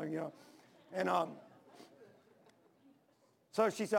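A man's voice: high-pitched, moderate pace, gravelly, pauses often. An older man, preaching a sermon and telling stories, acting out the voices in them. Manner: animated, acts out the voices in his stories. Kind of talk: storytelling sermon.

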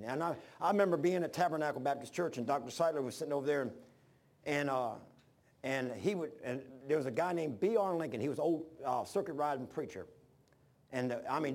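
A man preaching a sermon, telling stories with animated bursts of shouting. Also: mid-range voice.

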